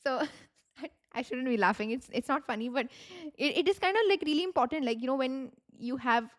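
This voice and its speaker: Young woman, Indian English accent, slightly high voice. Chatty tarot-reader host who rambles and repeats herself. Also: a little fast. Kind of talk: casual talk to camera.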